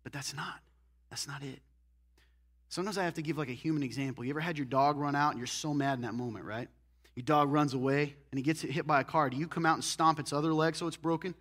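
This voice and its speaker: A man preaching a sermon as pastor, animated, moving between loud emphatic lines and hushed, intense ones. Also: fairly high pitch, fast talker.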